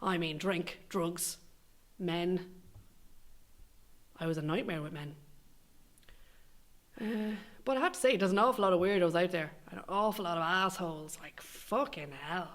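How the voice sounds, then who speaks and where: A woman's voice: lowish voice, measured pace, long pauses, fairly bright tone. A young Irish woman delivering a scripted comic monologue, sweary, sardonic and rambling. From Ireland. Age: young adult. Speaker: comedic monologue performer.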